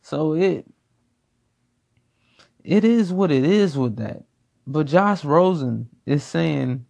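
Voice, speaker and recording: A man's voice: fairly high pitch, lively intonation, slow, vocal fry, long pauses, a little mellow. A man giving a casual football opinion rant, blunt and profane, repeating himself for emphasis. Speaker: sports commentator.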